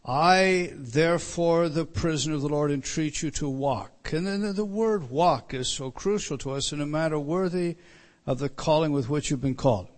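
Man teaching a Bible passage, higher-pitched. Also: moderate pace. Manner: repeats words when starting a sentence; lifts and stresses quoted verses.

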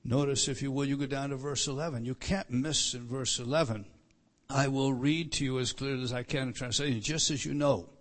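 Speaking fairly quickly with fairly even intonation, a middle-aged man preaches as a pastor. He is emphatic, rising loud to underline scripture and sinking to a low, quiet voice.

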